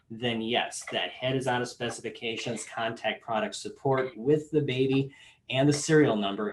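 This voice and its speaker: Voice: medium pitch, a little hiss or hum. Support trainer talking through a demo step by step, casual, says uh now and then. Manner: step-by-step explaining, casual filler words. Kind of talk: instructional product demonstration.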